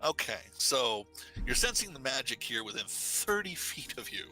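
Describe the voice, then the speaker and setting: A man running a tabletop game, voice sharp and bright. He rambles and hesitates while reading out rules. Soft music plays faintly behind him. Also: mid-range voice, big pitch swings, moderate pace, low-quality recording. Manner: rambling, hesitant, looks up rules mid-sentence. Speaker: game master.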